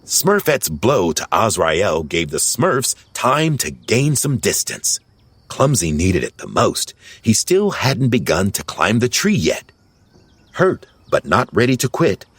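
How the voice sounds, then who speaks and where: Slow, lively male storyteller. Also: lowish voice, no echo. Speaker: narrator. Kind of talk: audiobook narration.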